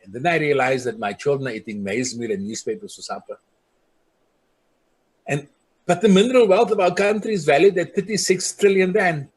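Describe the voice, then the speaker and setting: An earnest man with a husky, somewhat high voice tells stories from his community. He acts out the people he quotes and drops soft and low on the grave points. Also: a little fast. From South Africa. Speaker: traditional community leader. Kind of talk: personal storytelling speech.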